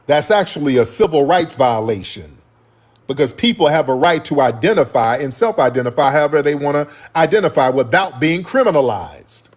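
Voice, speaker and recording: A man hosting a heated livestream, talking to his chat in a combative, slangy way with plenty of swearing. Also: a little high. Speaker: livestream host.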